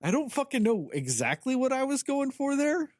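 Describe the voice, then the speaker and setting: At moderate speed, a podcast co-host with an extremely high-pitched voice vents about a film, full of profanity and sarcasm in a lively, informal review. It's a dry recording of studio quality.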